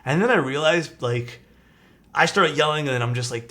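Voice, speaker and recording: Faint music plays as this young streamer chats at his desk, assembling a keyboard and telling a meandering story heavy on "like" and occasional swearing. He speaks at normal speed with a medium pitch and a sharp tone.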